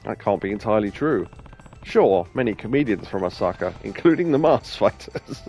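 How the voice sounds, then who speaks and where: A man's voice: lowish voice, animated, normal speed, a little mellow. A man with an English accent giving casual, rambling game commentary as a let's play host, laughing often. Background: game music.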